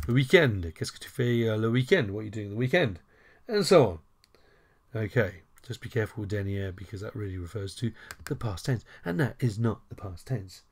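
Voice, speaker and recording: A man's voice: on the low side, slight background noise. A man teaching a French lesson over a screen recording, chatty, with wry self-deprecating asides.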